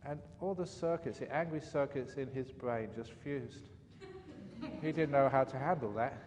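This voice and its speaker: A man's voice: medium pitch, normal speed, darkish tone. Monk guy telling a story, chatty, lots of "you know", long echo, faint hiss behind. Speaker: monk giving a teaching. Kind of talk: storytelling dharma talk. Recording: reverberant hall, faint background noise.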